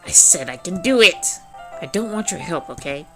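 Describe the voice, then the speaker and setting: A woman's voice: on the low side, animated, moderate pace, lightly acted. Woman doing Natsuki, a huffy small schoolgirl. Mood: stubborn. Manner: huffy, defensive, talking through clenched teeth. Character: small stubborn hot-tempered teenage schoolgirl. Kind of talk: reading a visual novel aloud. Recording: clear background music.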